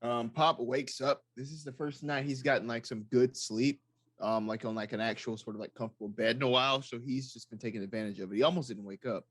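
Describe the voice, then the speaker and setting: A man's voice: medium pitch, fairly even intonation, fast, fairly bright tone, no room sound. A man playing a tabletop game, casually describing his character's actions in a laid-back way. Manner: laid-back, many likes. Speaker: player.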